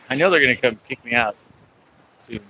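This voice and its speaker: A man's voice: mid-range voice, normal speed, gravelly, bright, forceful tone, slight background noise, low-quality recording. A man chatting casually to viewers of his live stream while fishing outdoors on a pier, laughing and talking back at sea lions. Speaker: angler livestreaming from a pier.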